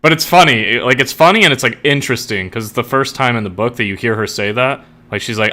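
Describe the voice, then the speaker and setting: A man chatting casually on a live stream, rambling and full of "like" fillers, getting excitable when enthusiastic. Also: mid-range voice, fast talker, hardly any pauses. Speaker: streamer and fiction writer.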